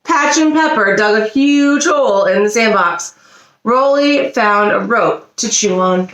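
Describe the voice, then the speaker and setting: A woman teacher reading a children's storybook aloud, expressive and animated. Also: fairly high pitch, measured pace. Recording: roomy echo.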